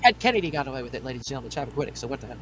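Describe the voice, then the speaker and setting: A man's voice: mid-range voice, sing-song, racing, a bit bright. A man co-hosting a casual commentary chat, talking in a sarcastic, mocking way. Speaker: co-host.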